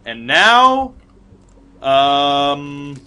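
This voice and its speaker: A man's voice: fairly high pitch, very animated, extremely slow, sharp tone, clean tone. A man hosting a let's-play, chatting casually while he plays. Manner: chatty, laughing, muttering to himself. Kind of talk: casual gameplay commentary.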